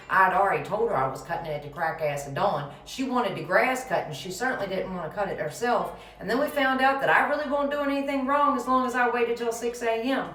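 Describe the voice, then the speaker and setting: A woman's voice: mid-range voice, a bit bright. A middle-aged woman, telling a story from her youth in a folksy, emphatic way. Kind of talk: casual storytelling to camera. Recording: roomy, voice from a distance.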